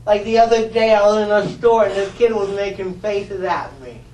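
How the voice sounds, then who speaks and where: A loud, joking, upbeat man, played by a performer on stage. The voice runs high and lively, and carries from a distance through an echoing hall. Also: normal speed, close to an everyday voice. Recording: roomy hall, from far off.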